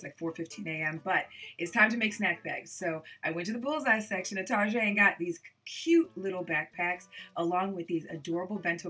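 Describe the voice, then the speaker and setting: A woman's voice: on the low side, sharp tone. A woman, chatting in a casual family vlog and voiceover, often saying "y'all" and "okay?". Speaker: family vlogger.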